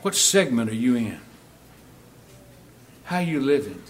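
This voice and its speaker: A man preaching a sermon in a church, shifting between loud, emphatic Bible reading and quiet, direct questions to the congregation. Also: mid-range voice, very animated, a little slow, a little hiss or hum.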